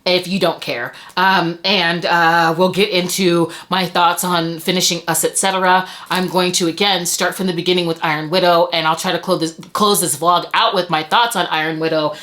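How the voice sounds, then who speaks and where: A woman's voice: lowish voice, level tone, moderate pace, few pauses, a bit bright. Young woman, book vlogger, casual chat, stammering, emotional. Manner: overwhelmed, emotional, stammering with thanks.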